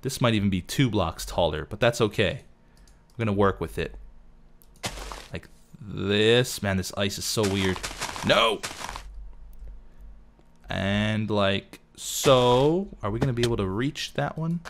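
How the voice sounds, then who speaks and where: A man's voice: on the low side, slow pace, long pauses, a little hiss or hum. A man casually narrating his own gameplay, talking to himself as he builds and fusses over details. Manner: chatty, talks to himself while building. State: losing his voice. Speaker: let's play host.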